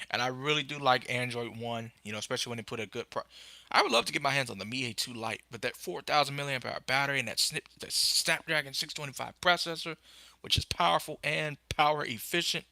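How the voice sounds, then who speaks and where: Bright, rambling young man on a tech podcast. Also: mid-range voice, vocal fry, no room sound. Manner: rambling, fillers, excitable bursts. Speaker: podcast host. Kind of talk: casual live-stream tech chat. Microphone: phone.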